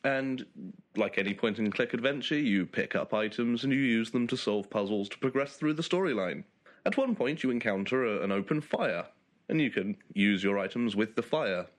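A man's voice: lowish voice, animated, normal speed. A man hosting a casual group chat, explaining things in a wry, storytelling way.

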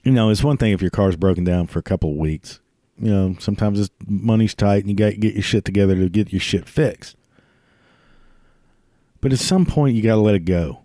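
Low, mellow-voiced man, crude swearing comedic ranter, dry close recording. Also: fairly quick, no room sound. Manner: crude, swears constantly, laughs at his own jokes. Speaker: ranting commentator. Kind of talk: profane comedic rant.

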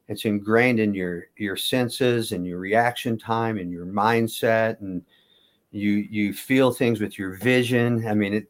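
A man in his fifties from Kansas, a former wrestler telling long stories in a casual interview, often correcting himself as he goes. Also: fairly low pitch. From Kansas, USA. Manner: rambling, self-correcting storyteller.

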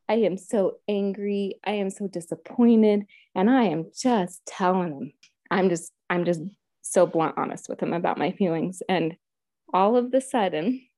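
Woman, 30s, earnest personal storyteller; mellow tone, dry close sound. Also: mid-range voice, no room sound. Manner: earnest and heartfelt, quoting her own prayers. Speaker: guest sharing a personal story.

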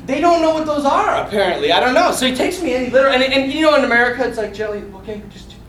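A man telling a story in casual talk, animated, laughing often and acting out the voices of the people in it. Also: extremely high pitch, racing, distant mic. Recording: echoey room, off mic, faint noise.

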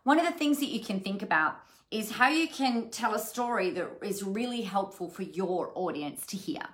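A woman's voice: mid-range voice, animated, moderate pace, a bit bright. A woman leads a live-streamed coaching session. She talks chattily and directly to her viewers in a mid-range voice, often circling back to restart her sentences. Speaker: business coach and live show host.

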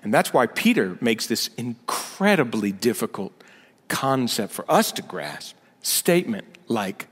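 A man's voice: medium pitch, sing-song, measured pace, a bit bright, slightly rough. A male senior pastor giving a conversational sermon with sarcastic asides, building to emphatic points. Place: church sanctuary. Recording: long reverb of a big hall.

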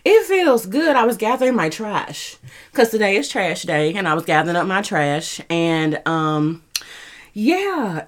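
A woman, hosting her podcast in a casual, animated chat, with frequent laughs and exclamations. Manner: animated and exclamatory, laughs often, swoops up in pitch. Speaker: podcast host.

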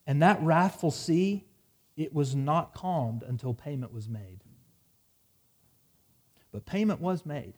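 A man's voice: fairly high pitch, animated, slow, pauses often, darkish tone. A man preaching a sermon, reading scripture dramatically and dropping wry asides. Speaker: pastor.

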